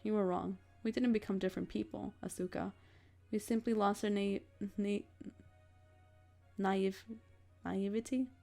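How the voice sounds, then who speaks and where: A woman voicing a brooding young man, a fallen dreamy prince, reading a visual novel aloud in a quiet, pleading, melancholy way. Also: medium pitch, steady tone, a little slow, gravelly, faint music behind.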